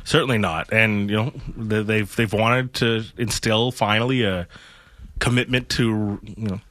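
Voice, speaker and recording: Male radio co-host with a bright, forceful tone, analytical, dry studio sound. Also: lowish voice, fairly even intonation, a little slow, dry recording. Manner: thoughtful, trailing restarts. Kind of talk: post-game analysis chat.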